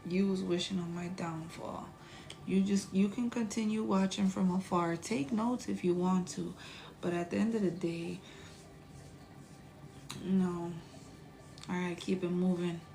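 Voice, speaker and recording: A woman's voice: on the low side, steady tone, measured pace, vocal fry, long pauses, warm tone. A woman doing a casual tarot reading, chatty and blunt, sometimes dropping to a whisper and swearing freely. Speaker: tarot reader.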